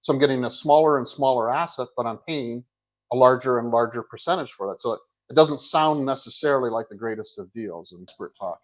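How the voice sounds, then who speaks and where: A man's voice: medium pitch, brisk, low-quality recording. A man hosting an interview, talking in a rambling, self-correcting, friendly way. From Canada. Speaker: host, tax accountant. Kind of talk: casual interview talk.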